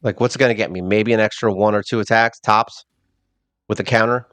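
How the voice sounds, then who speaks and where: A man's voice: on the low side, fairly even intonation, brisk, a bit bright, no room sound. Rambling self-mocking male game commentator. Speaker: mobile game channel host. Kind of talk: casual gameplay commentary.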